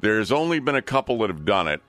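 Wry middle-aged radio co-host, dry sound. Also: male voice, fairly low pitch, very animated, quick pace, fairly bright tone, dry recording, faint music behind. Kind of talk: radio call-in banter.

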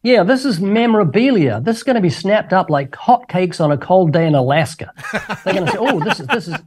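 A man's voice: high-pitched, expressive, a little mellow, slightly rough. An older man, a guest evangelist in a radio interview, talking with eager, jokey enthusiasm. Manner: enthusiastic, jokey, quick talker.

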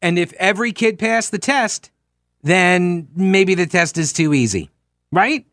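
A male radio host from New York telling stories in a lively monologue, throwing in rhetorical questions. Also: sits high, unhurried, no room sound, clean studio sound. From New York, Long Island. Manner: animated storytelling with rhetorical questions.

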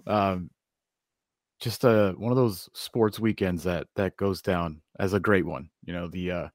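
A man co-hosting a sports talk radio show in a studio, relaxed and enthusiastic, using casual slang. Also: deep voice, measured pace, no echo.

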